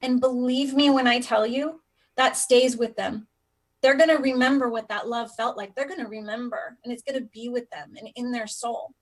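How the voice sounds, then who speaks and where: A woman hosts a casual live stream about foster care, talking earnestly and from the heart straight to her viewers. Her voice sits a touch higher than most, with fairly even intonation and a moderate pace.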